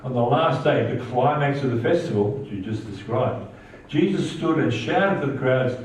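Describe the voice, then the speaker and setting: A man preaching a sermon, getting animated and rising in pitch when he quotes scripture. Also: moderate pace. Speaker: pastor. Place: church. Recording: echoey church hall, distant mic, dull sound.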